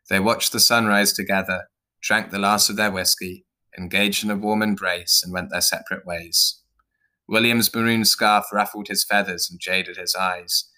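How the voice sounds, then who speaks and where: Story narrator, man, low and bright, sharp edge, measured reading.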